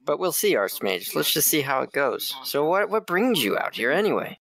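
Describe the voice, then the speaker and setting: A man's voice: fairly high pitch, big pitch swings, moderate pace, gravelly, crowd noise, pitched above the performer's own voice. A man voicing a cocky male halfling adventurer with a teasing manner.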